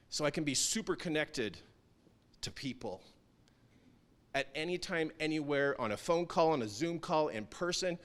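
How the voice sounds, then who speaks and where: Male speaker, slightly high voice, earnest motivational talk with intense emphatic peaks. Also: fairly bright tone. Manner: earnest, emphatic, rising to intense peaks when quoting himself. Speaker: town hall speaker. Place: event stage.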